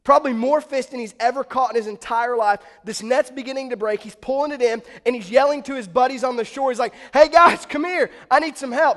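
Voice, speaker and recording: A male pastor delivering a sermon as a relaxed, conversational story, often turning to ask the congregation questions. His voice sits high for a man. A long hall reverb trails behind his words.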